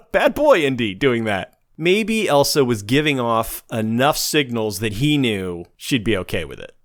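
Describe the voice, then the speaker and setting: A man's voice: medium pitch, sing-song, a little slow, no room sound, clean studio sound. A man co-hosting a podcast, chatting casually about a film, laughing often and jumping into quotes. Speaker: podcast co-host.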